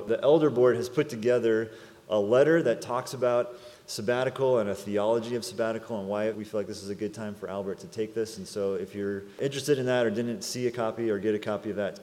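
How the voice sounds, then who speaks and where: Conversational preacher in a reverberant church. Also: male voice, lowish voice, a little mellow. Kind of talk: sermon with storytelling and prayer. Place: church sanctuary. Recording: long church-hall reverb.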